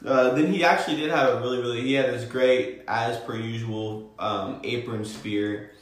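A man's voice: mid-range voice, steady tone, normal speed. A man co-hosting a podcast, chatting casually and laid-back, with frequent ums and easy laughs. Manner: laid-back, says um often, laughs easily. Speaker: podcast co-host. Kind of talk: casual wrestling review chat. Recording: very echoey room.

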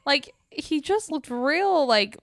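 A woman's voice: high-pitched, lively intonation, slow, no room sound, clean studio sound. A woman chatting casually over a video call about a film, trailing off into fillers as she talks. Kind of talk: casual chat reviewing a film.

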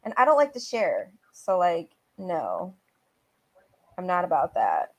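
A woman's voice: lowish voice, wildly swooping pitch, a little slow. A young adult woman co-hosting a casual chat, gossipy and full of "like" fillers. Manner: chatty, gossipy, filler-heavy. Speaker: co-host.

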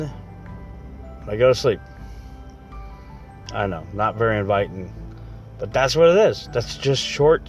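A middle-aged man talks casually at a middle pitch, drifting through stories about his household. He acts out both sides of small everyday exchanges as he goes. Faint music plays behind him. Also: highs cut off. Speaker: husband talking about marriage. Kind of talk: casual monologue.

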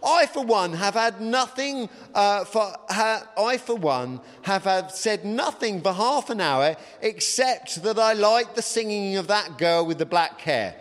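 A man voicing an incredulous, exasperated gentleman, in a reverberant hall. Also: sits high, expressive, unhurried, hardly any pauses, pitched above the performer's own voice. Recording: long reverb of a large hall.

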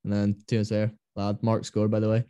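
Man, podcast host, chatty, rambling, low pitch, dry room. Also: completely flat delivery, fast talker, mellow, smooth, no room sound. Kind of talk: casual rugby chat.

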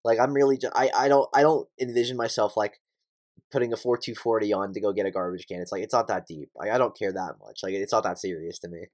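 A man's voice: on the low side, fast talker. A man co-hosting a podcast in a laid-back way, repeating himself and saying 'like' often. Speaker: podcast co-host. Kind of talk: casual podcast chat.

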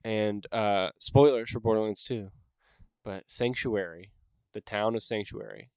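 A man's voice: lowish voice, unhurried, gravelly, a little mellow, clean tone, no room sound. A man co-hosting a casual podcast from home, talking in a rambling, easygoing way with many fillers. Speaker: podcast co-host. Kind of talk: casual chat. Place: home room.

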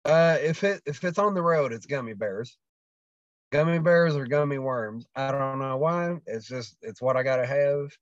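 A man's voice: mid-range voice, moderate pace, no echo. A man guesting on a podcast, telling stories in a rambling way with lots of fillers and restarts. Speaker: guest wrestler. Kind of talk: casual storytelling chat. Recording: dull, dry lo-fi sound.

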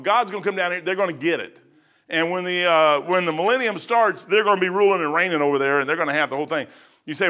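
A man's voice: a little high, pushed and bright. A middle-aged man preaching a sermon in a folksy, repetitive way that rises to fervent emphasis.

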